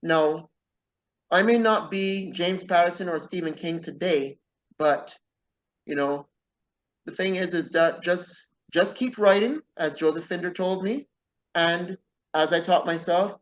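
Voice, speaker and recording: Lo-fi sound carries an unhurried man whose voice sits high. He's an author guest in a casual interview talk, speaking earnestly and adding "okay?" to his points again and again.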